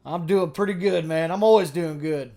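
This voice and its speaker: Man, podcast host, high voice, brash, joking. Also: moderate pace, mellow. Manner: brash, joking, swears freely. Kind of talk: casual podcast talk.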